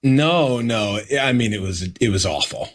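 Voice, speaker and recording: A man's voice: mid-range voice, expressive, measured pace. A man co-hosting a casual sports podcast, emphatic and repeating his points for effect. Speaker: podcast co-host.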